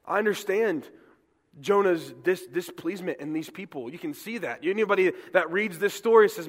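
A man preaching a sermon as pastor, fast and emphatic, often repeating words as he pushes ahead. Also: high-pitched. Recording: long hall reverb.

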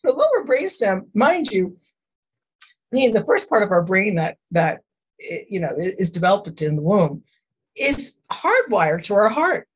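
This husky, mid-range female voice is very animated and a little slow. She is an emotion code practitioner interviewed as a podcast guest, sharing sincere faith-based stories about God and the Lord, frequently starting over and asking rhetorical questions.

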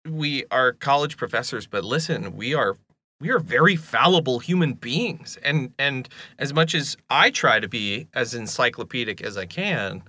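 A man co-hosting a podcast, chatting casually in an animated, self-deprecating way, often stumbling and restarting his sentences. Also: medium pitch, normal speed. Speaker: podcast co-host.

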